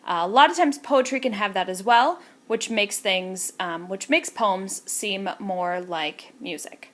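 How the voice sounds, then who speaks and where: A woman's voice: mid-range voice, measured pace, fairly bright tone, a little hiss or hum. A young woman teacher explaining terms to students in a casual lecture, with many fillers. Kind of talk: recorded classroom lecture.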